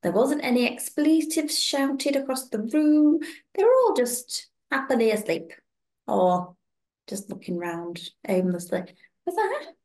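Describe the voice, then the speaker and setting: Lively young woman telling stories. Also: sits high, unhurried. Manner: animated storytelling, acting out quoted voices. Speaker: podcast co-host. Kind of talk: casual chat.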